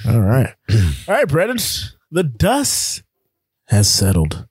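A man hosting a casual sports podcast, chatting about the playoffs with quick asides and frequent ums. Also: medium pitch, wildly swooping pitch, darkish tone, breathy edge, no room sound.

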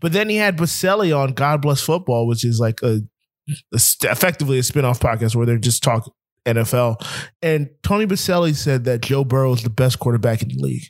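A man's voice: medium pitch, animated, a little fast, no room sound, clean studio sound. A young man co-hosting a casual sports podcast, ranting with heat and swearing, laughing now and then. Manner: heated, profane ranting with laughs. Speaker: podcast co-host.

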